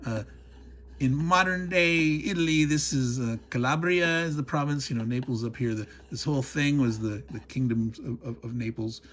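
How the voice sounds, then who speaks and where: A husky man talks through an unboxing at an easy, middle pitch. He rambles off into side topics and chuckles along the way, then circles back to the box in front of him. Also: normal speed, fairly bright tone. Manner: rambling, digressive, chuckles often. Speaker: board game unboxing host. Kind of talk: casual unboxing narration.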